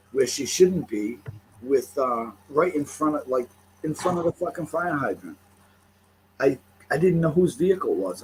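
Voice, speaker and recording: A man's voice: a little high, a little hiss or hum, low-quality recording. An older man telling a profane, heated story from his home, swearing constantly as he rants. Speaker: vlogger.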